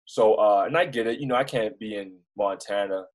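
A young man from Baltimore with a Baltimore accent, a news reporter telling stories as an interview guest in a rambling, animated way with many restarts. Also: on the low side, a little fast, rough recording. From Baltimore, United States. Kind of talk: casual storytelling in an interview.

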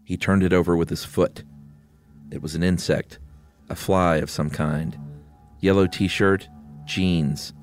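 A man reading a story aloud in steady, measured narration. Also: deep voice, faint music behind. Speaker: story reader.

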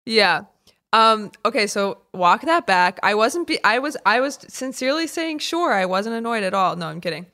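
A woman co-hosting a podcast in casual chat, joking and self-deprecating with quick asides. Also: medium pitch, animated, pushed and bright. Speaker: podcast co-host. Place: remote call.

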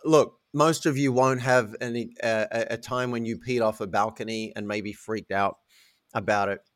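A man telling a candid, self-mocking story as a guest in a podcast interview, with lively animated delivery. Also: on the low side, normal speed, no room sound, clean studio sound. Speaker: guest, coach.

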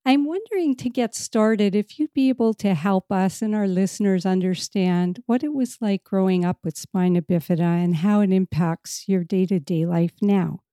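A woman's voice: mid-range voice, normal speed, few pauses, no room sound, studio quality. A woman hosting a podcast interview, reading a guest introduction and asking questions in an encouraging way. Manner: warm, encouraging, reads scripted introduction. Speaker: podcast host. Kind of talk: interview host.

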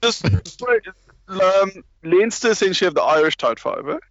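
A man's voice: sits high, very animated, moderate pace, fairly bright tone. A man in a casual chat, jumping in eagerly with stammered starts. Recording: dry dull lo-fi recording.

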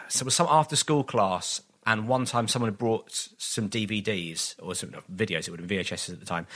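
Bright-voiced self-deprecating man chatting. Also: lowish voice. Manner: self-deprecating, rambling with restarts, acts out quotes. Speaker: comedian guest. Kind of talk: casual podcast chat.

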